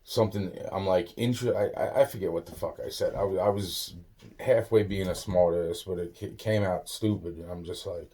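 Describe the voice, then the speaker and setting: A man's voice: sits low, fairly even intonation, moderate pace, warm tone, husky. A man casually telling a rambling personal story, swearing often and restarting his sentences. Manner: rambling, profane, many restarts. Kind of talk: casual spoken anecdote.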